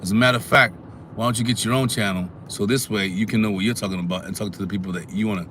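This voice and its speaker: A man hosting a casual live stream, animated and talking back to his chat. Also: lowish voice, racing, slight background noise. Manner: animated, talks back to chat, sings snatches.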